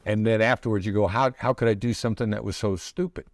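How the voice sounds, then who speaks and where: A middle-aged man, a negotiation expert guest in an interview, explaining his ideas in a measured way with pauses and restarts. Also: on the low side, fairly even intonation, no room sound, clean studio sound. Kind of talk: conversational interview answers.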